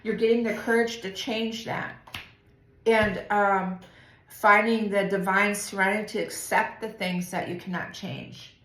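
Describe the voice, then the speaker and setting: A woman tarot reader talking through a spiritual reading in a soft, meandering way, with many pauses and fillers. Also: medium pitch, steady tone. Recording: roomy echo with faint ambience.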